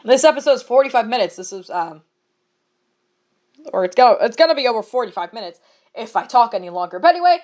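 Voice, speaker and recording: A woman's voice: a little high, expressive, fast talker, pauses often, darkish tone. A young woman doing a comedic dramatic reading of a bad fanfiction, giggling and adding exasperated asides, often stumbling over words. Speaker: online reader of bad fanfiction.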